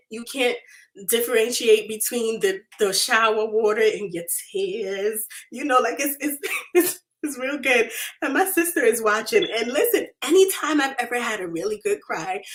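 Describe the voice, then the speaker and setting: A woman, hosting a casual faith podcast in an animated, confessional way, laughing often and reading out listener comments. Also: on the high side. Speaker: podcast host and faith coach.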